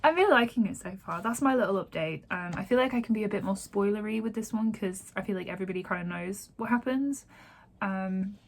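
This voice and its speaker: A woman's voice: medium pitch, a little fast, gravelly. Chatty woman vlogger. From Yorkshire, England. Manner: chatty, heavy use of "like", openly emotional about the book. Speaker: book vlogger and author. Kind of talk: casual reading update.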